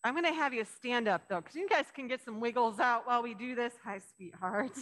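A woman pastor giving a children's message in church, chatting playfully with the kids and reading a picture book slowly with lively emphasis. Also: a little high, dry recording. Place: church sanctuary.

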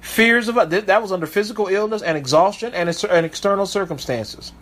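A man's voice: high-pitched, a little fast, a bit bright. A male pastor preaching a sermon, reading Bible verses aloud and then commenting on them emphatically, with frequent stumbles and repeats.

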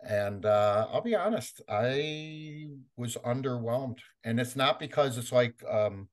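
A middle-aged man, interviewed as a comic collector, narrates a story with plenty of energy, laughing frequently and voicing other characters. He talks slowly in a mid-range voice.

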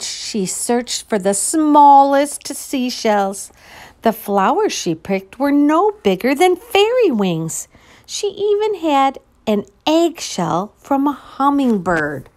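Woman storyteller, slow and animated, reading to kids. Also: high-pitched. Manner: expressive, asks the listener questions, drops to a whisper. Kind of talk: picture book read-aloud for children.

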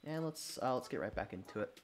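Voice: medium pitch, animated, a little fast, soft background music. A streamer hosting a casual gaming chat, easygoing and repeating words while thinking.

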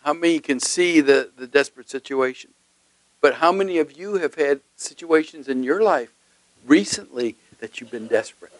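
A man's voice: fairly high pitch, lively intonation, normal speed, no room sound, poor audio. A male pastor preaching a sermon emphatically, often putting questions to his congregation.

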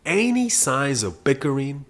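A man talks through dating advice in a casual, profane, storytelling way. His voice is animated and swings widely in pitch as he acts out exchanges. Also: a little slow, soft background music. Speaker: dating coach.

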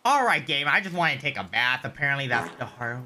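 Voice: medium pitch, expressive, fairly quick, sharp tone, a little hiss or hum. A streamer giving nervous, rambling commentary while playing a horror game, often yelping and repeating themselves. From United States. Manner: jumpy, yelps and rambles nervously. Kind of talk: live horror gameplay commentary. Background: game music.

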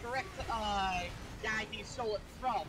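Very high-voiced man on a noisy mic. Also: fairly even intonation, moderate pace, distant mic. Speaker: co-op player on voice chat. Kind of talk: casual gaming chat with friends.

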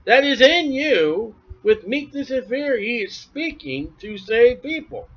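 A man preaching through scripture verse by verse, animated, with quick asides to the congregation and acted-out voices. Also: high voice. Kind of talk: expository sermon. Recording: dull lo-fi church recording.

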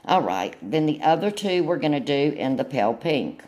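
Woman, very deep voice, chatty nail tutorial, keeps checking in. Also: sing-song, normal speed, a little mellow. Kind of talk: casual demonstration tutorial.

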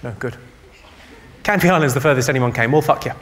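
A man doing a stand-up comedy set on a theatre stage, trading deadpan one-liners and banter with the audience. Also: medium pitch, fast talker. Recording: live show with loud audience noise.

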